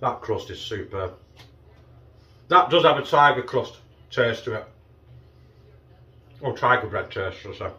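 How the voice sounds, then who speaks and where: A man's voice: mid-range voice, expressive, unhurried, pauses often, pushed and bright, lo-fi sound. Chatty, swearing northern English man. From northern England. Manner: chatty, swears freely, talks with mouth full. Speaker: food review vlogger. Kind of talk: casual food review vlog.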